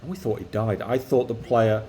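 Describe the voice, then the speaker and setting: An older English man, the co-host and father of the streamer, chatting slowly and reflectively about football on a live stream. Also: fairly low pitch, slight background noise. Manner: slow, relaxed, reflective, chuckling.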